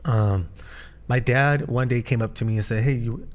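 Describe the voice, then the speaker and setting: A man's voice: medium pitch, moderate pace. A man, a podcast co-host and pastor, telling his life story in casual conversation, earnest and full of restarts. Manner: earnest, with frequent restarts and fillers.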